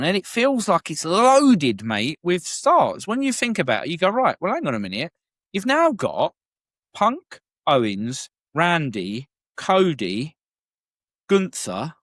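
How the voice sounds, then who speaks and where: A man's voice: on the high side, a bit bright, no echo, clean studio sound. A man co-hosting a wrestling podcast in casual chat, swearing freely and laughing often. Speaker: podcast co-host.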